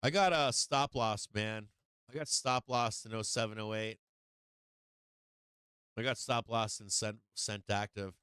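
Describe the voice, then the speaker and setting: A man's voice: on the low side, steady tone, measured pace, long pauses, pushed and bright, clear, resonant tone, dry recording. A middle-aged man hosting a live stream from home, chatting in a rambling, casual way and greeting viewers by name. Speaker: live-stream market show host.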